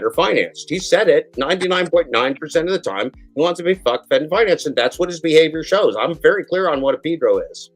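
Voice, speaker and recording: A man hosting a live show, ranting with heat and frequent swearing. He mocks others in quick put-on voices, with faint music playing behind him. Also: medium pitch, rough recording. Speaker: show host. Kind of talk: heated live-stream commentary.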